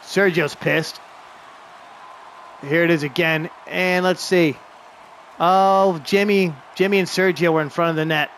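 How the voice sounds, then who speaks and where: Excited man calling hockey game action. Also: fairly high pitch, measured pace, long pauses, a little hiss or hum. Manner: rooting openly for his team, shouts at big moments. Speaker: gamer doing play-by-play of a hockey video game. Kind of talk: excited play-by-play commentary.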